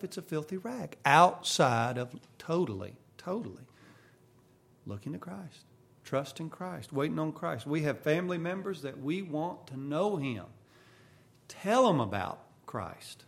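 Man preaching, gravelly voice, slow and deliberate, earnest, loud peaks and hushed lows. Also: animated. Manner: earnest, swings from loud emphasis to quiet. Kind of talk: sermon.

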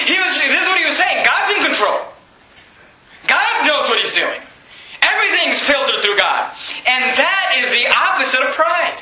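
A man preaching a sermon as pastor, animated, often repeating words and acting out quotes with sudden loud lines. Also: very high-pitched, moderate pace, roomy sound, poor audio.

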